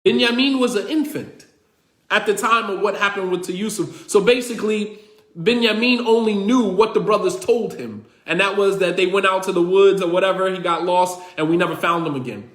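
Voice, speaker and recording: A man with a high voice tells a religious story as a lecture. He retells the dialogue, drops in Arabic quotes and repeats lines for weight. The room around him is echoey. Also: fairly quick, a bit bright. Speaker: religious teacher.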